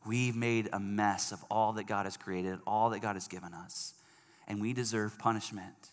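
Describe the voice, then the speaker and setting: A male pastor preaching a sermon in a church, animated and emphatic, swinging from loud emphasis to soft, earnest passages. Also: lowish voice, normal speed. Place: church service hall. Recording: long reverb of a large hall.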